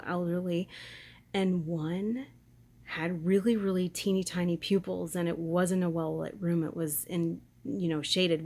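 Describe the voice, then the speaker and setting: Woman vlogger, low-ish voice, rambling gossip chat. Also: darkish tone. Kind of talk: casual chat.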